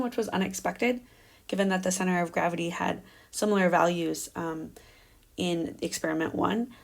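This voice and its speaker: A woman's voice: on the low side, gravelly. A young adult woman giving an academic research presentation, explaining carefully with frequent fillers. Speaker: doctoral candidate presenting research.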